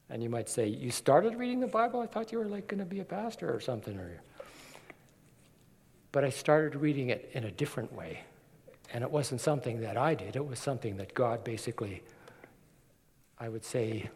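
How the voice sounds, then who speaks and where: A man's voice: medium pitch, a little mellow. A man preaching a sermon, telling a personal story in an earnest way and acting out quotes as he goes. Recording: long hall reverb.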